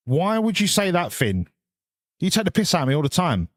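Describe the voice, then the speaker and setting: A man's voice: high voice, very animated, fairly quick, dry recording, studio quality. A man chatting casually while streaming a driving game, rambling and swearing freely. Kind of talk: casual live-stream chat.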